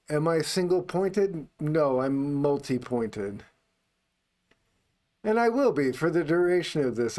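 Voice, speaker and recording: Calm, unhurried male meditation teacher. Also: medium pitch. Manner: calm and unhurried, speaking only on the out-breath. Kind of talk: unscripted guided meditation talk.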